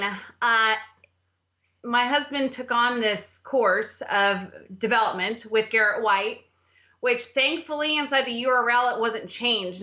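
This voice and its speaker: A middle-aged woman, a podcast guest, telling her story in an animated way, often laughing and acting out quotes. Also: fairly high pitch. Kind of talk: casual storytelling interview.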